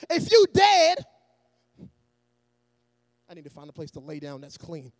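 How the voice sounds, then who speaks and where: A man preaching a sermon in a church, energetic and often shouting, with joking asides to the congregation. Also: very high-pitched, moderate pace, pauses often, no room sound.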